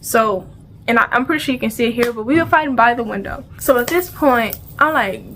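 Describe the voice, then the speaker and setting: A woman's voice: fairly high pitch, brisk, a little hiss or hum. A woman telling a storytime vlog in casual slang, acting out the sounds and dialogue as she goes. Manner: animated, acts out sounds and dialogue; casual slang, repeats phrases. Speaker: vlogger.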